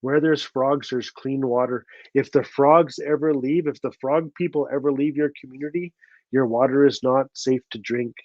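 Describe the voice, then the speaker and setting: A Canadian author telling stories to an audience in a live talk, repeating key lines for emphasis. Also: male voice, medium pitch, steady tone, normal speed, darkish tone, no echo, highs cut off. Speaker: author and storyteller.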